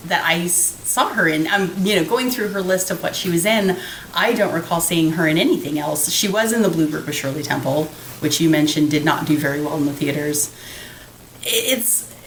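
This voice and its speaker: A woman's voice: fairly low pitch, slight background noise, low-quality recording. A middle-aged woman co-hosting a podcast, chatting casually about an old film, laughing often and restarting her sentences. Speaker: podcast co-host.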